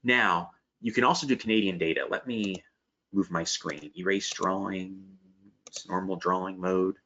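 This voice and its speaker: This is a live webinar sales pitch with Q&A, led by a host with a slight Pennsylvania Dutch accent who chats upbeat and answers viewer questions. He speaks unhurriedly in a low, steady, pushed and bright voice. The recording is dull lo-fi webinar audio with slight background noise.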